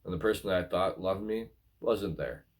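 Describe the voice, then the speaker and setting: A man with a somewhat low voice gives relationship advice to his viewers. He talks casually and earnestly, circling back over his points and calling his audience guys. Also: normal speed.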